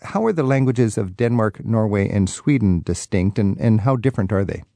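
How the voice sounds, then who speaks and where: A man's voice: lowish voice, animated, moderate pace, creaky, mellow, no echo. A man hosting a radio talk show, asking guests curious, friendly questions in short prompts. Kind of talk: public radio interview.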